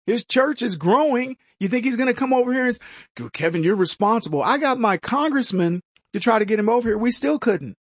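A man's voice: very high-pitched, animated, a little fast, no room sound, studio quality. A man hosting a political talk show, sarcastic and mocking, who stumbles and restarts and laughs at his own jokes. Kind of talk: opinionated commentary monologue.

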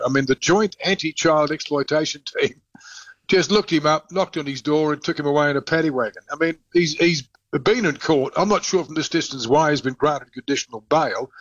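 A man's voice: fairly high pitch, fairly bright tone, dry recording. Blunt man on a muffled phone line. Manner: halting with fillers, blunt and colloquial. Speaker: radio correspondent. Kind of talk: live radio phone report.

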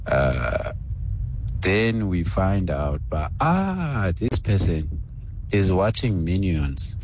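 Very deep, slow-talking male caller. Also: darkish tone, a little hiss or hum, poor audio.

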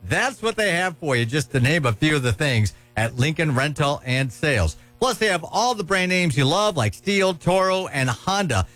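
A man reads a radio commercial with an upbeat, salesy pitch. His voice sits high and swings up and down a lot. A faint music bed runs underneath. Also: normal speed, few pauses. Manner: upbeat, salesy, lively delivery. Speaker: radio ad announcer.

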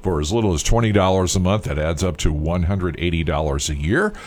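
Male radio host, deep voice, casual pledge-drive patter. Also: lively intonation, brisk. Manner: rambling, filler-heavy.

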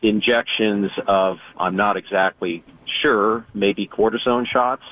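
A man's voice: fairly low pitch, steady tone, slow, dry recording. A man calling in to a radio show from a phone while driving, speaking politely and hesitantly with many fillers. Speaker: caller. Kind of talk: phone call-in. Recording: tinny phone line.

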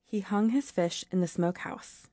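A woman announcing a short scripted radio segment in a clear, even instructional read. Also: medium pitch, moderate pace, slight background noise. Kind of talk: scripted word-of-the-week segment.

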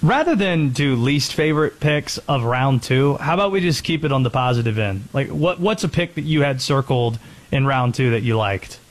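A man's voice: mid-range voice, lively intonation. A man hosting a sports radio show, talking casually about basketball picks with a joking manner. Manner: conversational, joking, quick.

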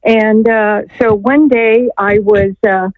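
Woman caller, slow rambling earnest storyteller, dry tinny phone audio. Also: mid-range voice, fairly even intonation, no echo. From Maine, USA. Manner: rambling, earnest, many fillers. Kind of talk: call-in testimony.

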